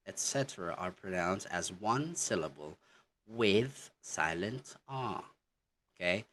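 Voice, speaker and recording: A man's voice: deep voice, fairly bright tone, slight background noise. A man teaching an English pronunciation lesson, repeating example words and checking in with "okay" after nearly every phrase. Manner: slow, repetitive, says "okay" constantly while demonstrating words.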